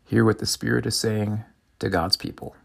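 A man's voice: on the low side, little pitch movement, normal speed, creaky, a little hiss or hum. A man preaching a reflective sermon, reading scripture and a parable and asking listeners questions. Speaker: pastor.

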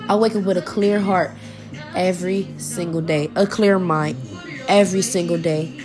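A woman's voice: on the low side, steady tone, moderate pace, music in the background. A young woman, talking to her viewers in a personal vlog, heartfelt and informal, often repeating herself as she searches for words, close to tears at times.

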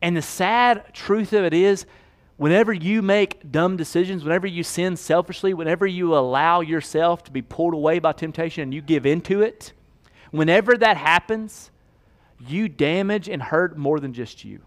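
A male pastor delivering a sermon in a fairly high voice. He drops to a near hush on key words, then rises to loud, quick pleading. His preaching is earnest and direct. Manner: swings from hushed to loud and fast, pleading.

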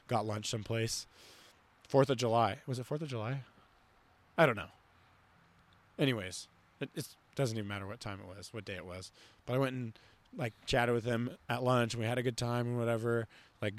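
A young man hosting a podcast, talking casually and rambling with lots of fillers and restarts. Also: lowish voice. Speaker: podcast host. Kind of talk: casual conversation.

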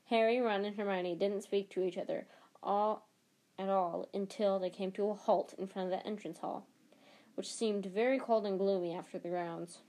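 A woman reading a novel aloud, narrating at a steady pace. She stumbles now and then and corrects herself. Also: medium pitch, normal speed. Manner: steady reading with small restarts.

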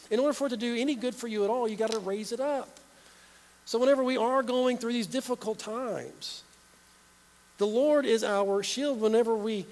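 A man with a high voice preaches a sermon in earnest. He asks his listeners questions and keeps repeating key phrases. His voice trails into a long hall reverb. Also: a little mellow.

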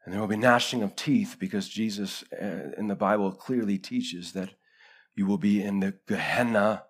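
A man preaching a live sermon in a church, swinging between loud urgency and hushed gravity. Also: fairly low pitch, a little slow. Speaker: pastor.

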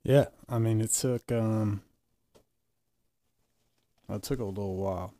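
A man's voice: on the low side, fairly even intonation, slow pace, warm tone, no room sound. A man co-hosting a podcast, telling a story casually and bluntly, with heavy swearing. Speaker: podcast co-host. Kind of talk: casual candid chat.

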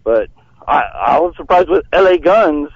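Man, high voice, excitable and rambling, calling from outside a concert, dull lo-fi phone line. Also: a little slow, gravelly, breathy edge, no echo. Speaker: caller. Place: outdoors leaving a concert.

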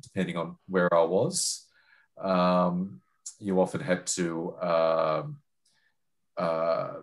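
Deep-voiced middle-aged Australian male journalist, interview answers, halting with fillers. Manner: hesitant, many fillers and restarts. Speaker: journalist and foreign correspondent.

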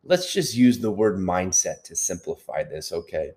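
A man's voice: deep voice, big pitch swings, normal speed, a little mellow. A man hosting a motivational self-help podcast, speaking earnestly, repeating key points and checking in with the listener. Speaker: podcast host.

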